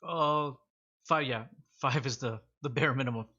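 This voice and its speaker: A man narrating a tabletop game as game master, relaxed and joking. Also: mid-range voice, normal speed. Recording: dull lo-fi audio.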